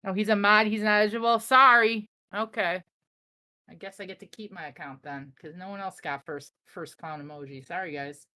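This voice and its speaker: A woman's voice: medium pitch, a little fast. Brash Chicago woman streaming live trades. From Chicago area, USA. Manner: animated, brash and joking with chat. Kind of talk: casual live-stream chat while trading.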